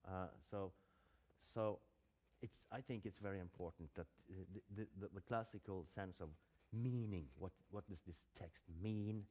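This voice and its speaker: Man, acting teacher, lecturing, hesitant, frequent restarts, somewhat low voice. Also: normal speed, warm tone.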